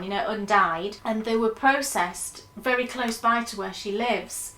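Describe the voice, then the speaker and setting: A woman's voice: mid-range voice, a little slow, sharp tone, echoey room. A woman co-hosting a knitting podcast, chatting enthusiastically and rambling about her projects. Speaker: podcast co-host. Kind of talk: casual knitting podcast chat.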